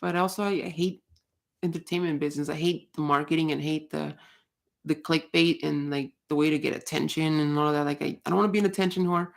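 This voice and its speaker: A woman's voice: low-pitched, fairly even intonation, a little fast, gravelly. A woman hosting a casual livestream, talking bluntly, swearing often and rambling with restarts. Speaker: livestream host. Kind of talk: casual ranting chat.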